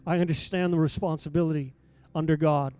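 A man, a pastor, preaching a sermon in a church and rising to loud exhortation as he reads scripture. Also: a little high, fairly even intonation, brisk, clear, resonant tone, no echo. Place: church sanctuary.

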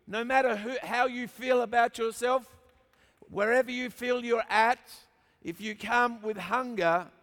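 An Australian pastor with a high-pitched, slightly bright voice delivers a sermon to a church crowd. He tells stories with humor and builds up emphatically through repetition. A long reverb from a large hall follows his words.

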